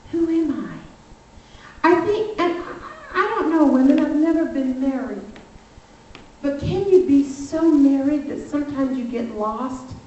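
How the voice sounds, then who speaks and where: A woman giving a lively, emphatic sermon testimony, telling a personal story in a church. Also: high voice, a little hiss or hum. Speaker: speaker. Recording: far-off echoey church hall, muffled.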